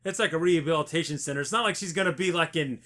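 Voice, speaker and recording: A man co-hosting a podcast, chiming in quickly with comments and agreement in a casual chat about an episode. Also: fairly high pitch, sharp tone. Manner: quick, chatty interjections and agreement. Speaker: podcast co-host.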